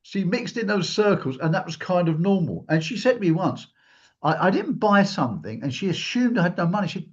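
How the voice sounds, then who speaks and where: Animated husky man telling a story. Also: high-pitched, a little fast. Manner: animated, acts out quotes in a raised voice. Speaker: guest speaker. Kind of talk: storytelling in a talk. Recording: dull lo-fi recording.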